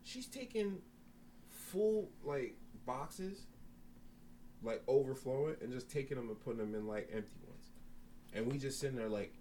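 Animated man telling a profane story. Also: medium pitch, normal speed, far from the mic, a little hiss or hum. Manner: animated, profane, acts out voices in quotes. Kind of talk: casual storytelling among friends.

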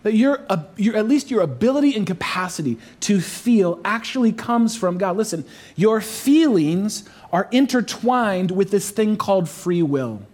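A man preaching a sermon as pastor, earnest and emphatic, stretching out key phrases slowly. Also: sits high, expressive, darkish tone. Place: church overflow room.

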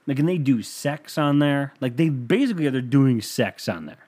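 A man's voice: mid-range voice, expressive, moderate pace, a little mellow, breathy edge. A young man hosting a podcast in a rambling, profane, self-mocking casual monologue. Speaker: podcast host.

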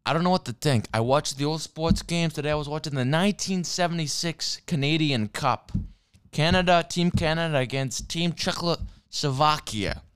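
A man rambles through an angry monologue about sports, cursing freely and stumbling over his own sentences. His voice sits a little high and comes across smooth and resonant. Now and then he pauses to sip whiskey. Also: a bit bright. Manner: rambling, heavy swearing, frequent restarts; sipping whiskey while talking. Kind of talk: profane sports rant monologue.

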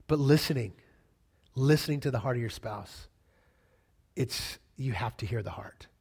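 A man's voice: mid-range voice, moderate pace, gravelly, long pauses, darkish tone, husky. A middle-aged man preaching a sermon as a pastor, conversational and emphatic, repeating key phrases and joking casually with the congregation.

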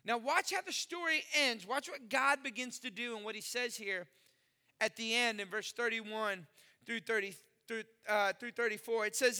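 A male pastor with a high, very bright and forceful voice, preaching in an animated storytelling way. He acts out the dialogue of his story and talks straight to his congregation. His voice rings with the long reverb of a large church hall. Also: normal speed, clear, resonant tone. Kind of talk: sermon. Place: church sanctuary.

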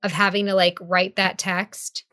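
Bright, candid woman chatting on a podcast. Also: medium pitch, flat delivery, measured pace. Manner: candid, swears freely, acts out quotes. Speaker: podcast co-host. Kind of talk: casual chat.

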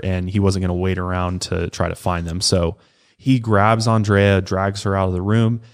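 A man co-hosting a podcast, casually retelling a true crime case in a conversational way. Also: low voice. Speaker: podcast co-host.

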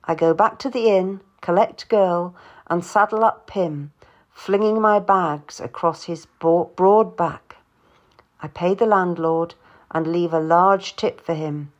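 A woman reading a first-person historical story aloud, in a quiet, measured storytelling manner. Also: fairly low pitch, lo-fi sound. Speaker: narrator. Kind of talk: audiobook narration.

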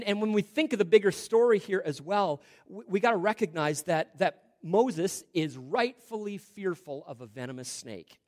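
A male pastor delivers a sermon in a slightly raised voice. He talks casually, asks his listeners questions, and drops low and quiet to stress a point. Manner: conversational preaching with rhetorical questions, dropping to quiet emphasis.

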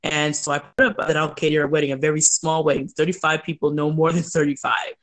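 A woman telling stories in a chatty, animated way as an interview guest. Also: low-pitched. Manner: chatty, animated, quick asides. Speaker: guest, entrepreneur. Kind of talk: casual storytelling.

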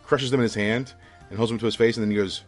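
A man's voice: fairly low pitch, steady tone, fast talker, faint music behind. A man narrating a tabletop game as game master, rambling with many fillers.

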